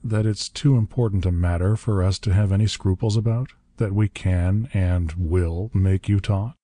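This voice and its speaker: A man's voice: deep voice, fairly even intonation, moderate pace, mellow. A man reading as a grim, curt pilot. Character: grim, hard-pressed male pilot, adult. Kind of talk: audiobook narration.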